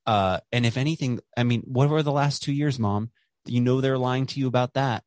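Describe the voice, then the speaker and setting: A man's voice: mid-range voice, brisk, darkish tone, no room sound. A man hosting a podcast, talking casually and rambling with many fillers and restarts, swearing now and then. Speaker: podcast host. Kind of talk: casual conversation.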